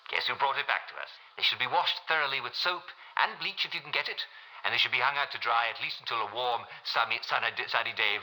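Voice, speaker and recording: A man's voice: medium pitch, poor audio. A man voicing a gleefully cheerful radio show host with campy, giggling delivery over a broadcast sound. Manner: gleeful, giggly, theatrically cheerful with dark jokes.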